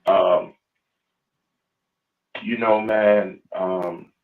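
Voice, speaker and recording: Guy calling into the radio, lowish voice, tinny phone line sound, laid back. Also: fairly even intonation, drawn-out words, vocal fry. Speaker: caller. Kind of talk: phone-in call.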